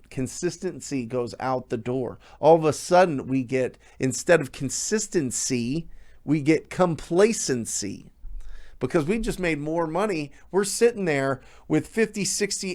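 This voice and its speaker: Man, real estate coach, motivational talk, emphatic, fairly high voice. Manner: energetic, emphatic, repeats words for emphasis.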